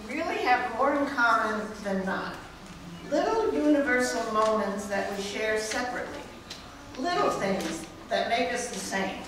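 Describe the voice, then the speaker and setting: Woman, earnest stage monologue, lively pitch, echoey distant recording. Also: moderate pace, noisy background. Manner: earnest, conversational, asking the audience.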